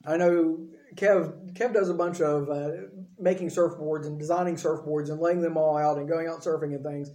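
High-voiced mellow man preaching. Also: fairly even intonation, normal speed, hardly any pauses, echoey room. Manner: conversational preaching with quoted dialogue. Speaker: pastor. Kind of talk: sermon.

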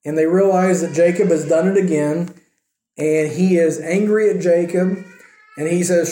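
A man's voice: a little high, fairly even intonation, moderate pace, dark tone, roomy sound. A man giving a casual Bible teaching, telling the story with wry jokes and quoted voices.

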